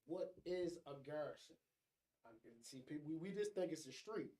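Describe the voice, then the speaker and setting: A man's voice: fairly high pitch, lively intonation, moderate pace, mellow, poor audio. A man co-hosting a casual podcast chat, making emphatic points and repeating them. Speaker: podcast co-host.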